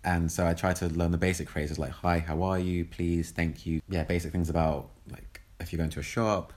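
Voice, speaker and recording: Deep-voiced man, hesitant and chatty. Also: flat delivery, moderate pace, a little mellow. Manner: hesitant, lots of ums and restarts. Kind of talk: casual chat.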